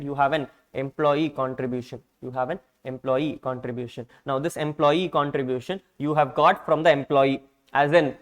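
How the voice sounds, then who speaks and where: A man's voice: a little high, low-quality recording. A man with an Indian English accent lecturing on tax law, repeating each point and quizzing the class with rhetorical questions.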